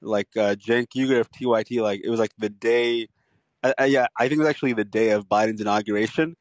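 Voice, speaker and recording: A young man co-hosting a podcast, chatting in a relaxed way and saying "like" a lot. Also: fairly low pitch, quick pace, no room sound. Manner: relaxed, heavy use of "like". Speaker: podcast co-host. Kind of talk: casual chat.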